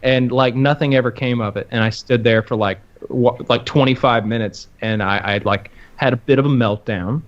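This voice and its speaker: A man's voice: medium pitch, steady tone, normal speed, hardly any pauses, lo-fi sound. A man co-hosting a podcast who tells stories in a rambling, casual way, repeating words and swearing. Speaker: podcast co-host. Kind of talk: casual chat.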